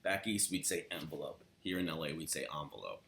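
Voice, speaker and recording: A man's voice: a bass voice, a little fast, creaky, a little hiss or hum. A man from Los Angeles with a Southern California accent, casually teaching the local way of saying words with example sentences. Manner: relaxed, demonstrates words in quoted example sentences. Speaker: accent tutor. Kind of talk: casual spoken accent lesson.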